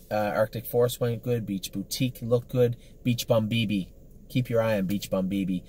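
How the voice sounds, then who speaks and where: A horse trainer with a medium-pitched, slightly mellow voice gives an upbeat, rambling, casual report on the day's training. His speech is full of fillers and self-corrections.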